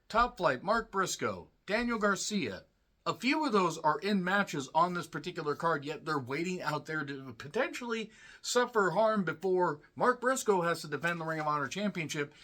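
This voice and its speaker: A man giving a solo review, talking in a sarcastic, profane, ranting way with frequent asides and throat-clearing. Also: a little high, bright, forceful tone. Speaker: wrestling show reviewer.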